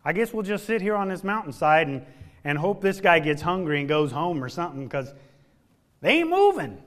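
In a fairly quick folksy sermon, a man shifts between loud emphasis and hushed, low delivery, lengthening key words to give them weight.

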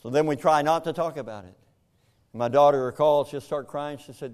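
An older man, a pastor, preaching a sermon and telling a painful family story, jumping between shouted questions and hushed, heavy passages. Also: fairly high pitch, a little fast.

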